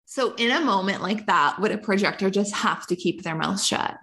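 A woman hosting a relaxed podcast, her voice mid-pitched with a strong gravelly fry. She responds warmly to her guest, agreeing often and sharing little stories from her own life in a loose, conversational way. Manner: responsive, agreeing, quick to laugh.

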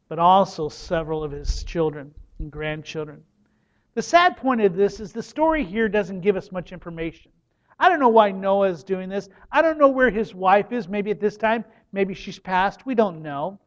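A man's voice: high voice, highs cut off. A man preaching a sermon, reading scripture and repeating earnest warnings to his listeners. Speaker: pastor.

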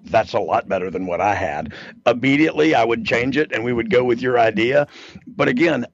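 A man's voice: medium pitch, vocal fry, dry recording, highs cut off. A man co-hosting a podcast in casual chat, talking confidently and rambling, with frequent laughs. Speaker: podcast co-host, former wrestler and writer.

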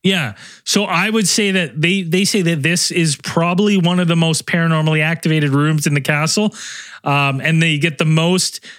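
A man's voice: on the high side, steady tone, moderate pace, fairly bright tone, smooth, no room sound. A man co-hosting a casual podcast, wry and swearing freely as he chats. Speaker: podcast co-host.

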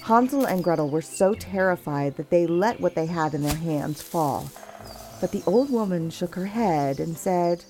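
A woman narrating a fairy tale in a measured, expressive storytelling voice. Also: on the low side, soft background music.

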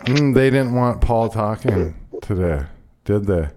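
A man's voice: on the low side, expressive, unhurried, mellow, a little hiss or hum. A male radio show host talking loosely and casually, swearing freely and bantering with his co-host. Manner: loose, profane, laid-back banter.

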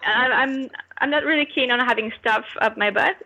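Bright-voiced canadian woman telling a story on a podcast, animated, laughs a lot as she goes. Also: fairly high pitch, moderate pace, gravelly, breathy edge, rough recording. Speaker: podcast guest. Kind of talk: casual storytelling.

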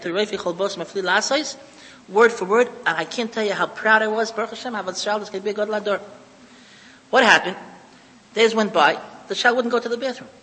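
A man's voice: sits high, pushed and bright, long reverb tail, low-quality recording. A man giving a religious lecture to an audience, emphatic and repetitive, mixing in Hebrew and Yiddish terms. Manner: emphatic, repeats key phrases, mixes in Hebrew and Yiddish terms.

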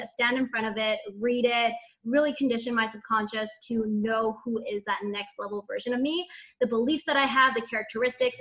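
A woman's voice: a little high, sharp tone. A woman guest on a podcast, answering enthusiastically and gushing about her practices, with lots of "like" and light laughter. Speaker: podcast guest, spiritual coach. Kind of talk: upbeat podcast interview answers. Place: lives in Montreal.

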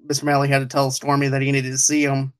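A man's voice: medium pitch, monotone, fast talker. A man hosting a podcast, reviewing a TV show in casual chat, rambling and laughing often. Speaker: podcast host.

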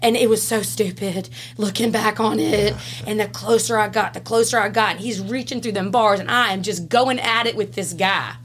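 Animated Southern woman telling a story. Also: medium pitch, normal speed, few pauses. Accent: Louisiana Southern US. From Southern United States. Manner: animated, laughing, swings between loud and hushed. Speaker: podcast guest, former prison classification officer. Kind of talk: casual storytelling.

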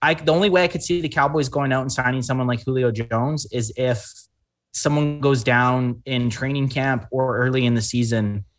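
A man's voice: medium pitch, fairly even intonation, normal speed. A man on a casual sports podcast, laying out his football reasoning in long takes. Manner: analytical, talks in long takes. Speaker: podcast co-host.

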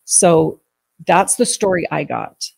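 A middle-aged woman telling an emotional personal story in an interview, halting and restarting her sentences. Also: fairly low pitch, lively intonation, gravelly, a little mellow, breathy edge, rough recording. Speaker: guest recounting a family death.

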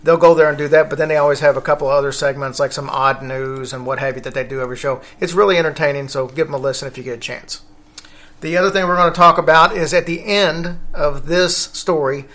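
A man's voice: a little high, steady tone, fast talker, fairly bright tone. A man hosting a casual podcast, rambling along with fillers and self-corrections. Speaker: podcast host.

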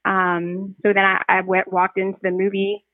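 A woman giving a personal testimony as a podcast guest, speaking earnestly and reflectively, with frequent pauses and restarts. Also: medium pitch, monotone, no room sound. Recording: tinny phone line, dry.

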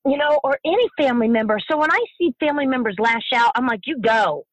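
Impassioned middle-aged woman, halting speech. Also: high voice, no room sound, low-quality recording. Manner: impassioned, halting, repeats herself. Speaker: guest, bereaved mother. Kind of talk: emotional interview.

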